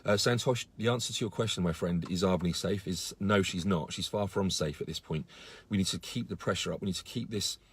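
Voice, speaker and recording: A man's voice: low-pitched, a little fast, hardly any pauses, husky. A man giving a casual live-stream update to followers, earnest and indignant, with many fillers and restarts. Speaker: campaigner on a live video.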